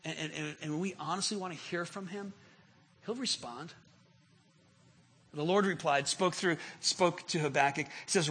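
A man preaching a sermon as pastor, impassioned, often repeating words as he builds, rising to near-shouts when voicing prayers. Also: fairly high pitch, moderate pace, pauses often, breathy edge.

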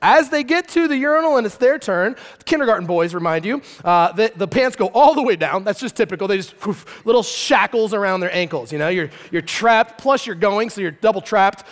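A man from Arizona, a pastor, preaching a sermon through an animated, playful comic story that swings between loud and quiet. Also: high-pitched, a little fast, hardly any pauses. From Arizona, USA. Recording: long reverb of a large hall.

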